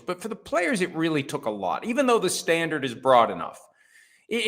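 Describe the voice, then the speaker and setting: A man's voice: fairly high pitch, fairly bright tone. A middle-aged man hosting a solo sports talk show, wry and conversational with punchy emphasis and self-deprecating asides. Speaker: host.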